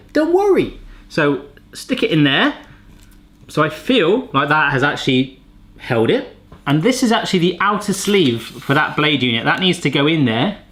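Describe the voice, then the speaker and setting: A man's voice: fairly high pitch, fairly bright tone. A man hosting a casual gadget-testing vlog in a home kitchen, chatty and fond of puns. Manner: jokey, pun-loving, chatty. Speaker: cooking channel host.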